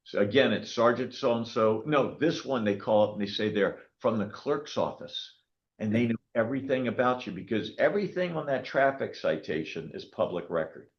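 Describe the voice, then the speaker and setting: A man in his sixties speaks at a public meeting in an ordinary middle register. He tells anecdotes in an animated way and keeps checking in with his listeners. The recording sounds muffled and lo-fi. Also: medium pitch, moderate pace. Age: 60s. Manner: animated storytelling, frequent "okay?" check-ins. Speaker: county clerk of court.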